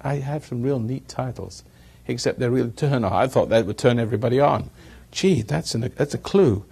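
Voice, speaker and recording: A man's voice: mid-range voice, expressive, moderate pace, gravelly, a little mellow, slightly rough. A man giving a rambling talk to a live audience, chuckling at his own jokes as he tells stories. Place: evening gathering with an audience.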